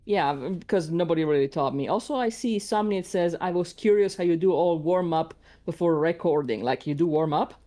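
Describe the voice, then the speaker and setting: Woman guest, low register, laughs a lot, casual self-deprecating chat. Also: a little fast, hardly any pauses, warm tone. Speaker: guest voice actor.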